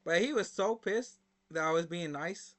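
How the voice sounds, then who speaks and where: A man's voice: high-pitched, normal speed, fairly bright tone. A young man hosting a reaction video, telling stories in a casual, rambling way with lots of fillers and slang. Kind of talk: casual storytelling to camera.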